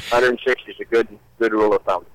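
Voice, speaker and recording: A halting male radio caller. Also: lowish voice, steady tone, no room sound, low-quality recording. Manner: halting, repeats words. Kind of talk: phoned-in radio call.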